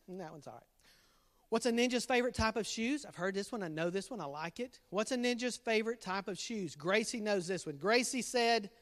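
A man's voice: high-pitched, fairly bright tone, big-room sound. A middle-aged man, a youth pastor, telling dad jokes and teasing his listeners by name, laughing at his own jokes. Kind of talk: playful dad jokes to an online youth group.

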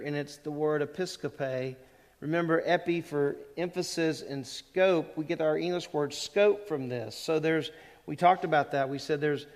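A middle-aged male pastor preaching an expository sermon, talking with the congregation and often putting questions to them. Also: a little high. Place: church sanctuary. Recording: long hall reverb.

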